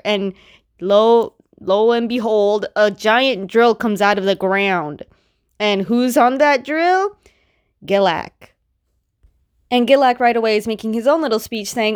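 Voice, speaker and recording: A woman's voice: fairly high pitch, unhurried, smooth. A woman casually recapping a comic book story, chatty and full of filler words. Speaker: reviewer retelling a story.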